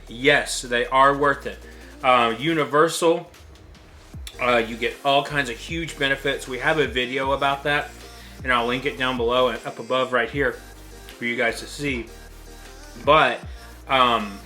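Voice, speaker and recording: A man's voice: medium pitch, unhurried, pushed and bright, faint music behind. A man chatting casually to camera for a couple's vlog, talking through a burning mouth with lots of ums. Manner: nervous, chatty, frequent ums. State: mouth burning from hot sauce. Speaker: vlogger.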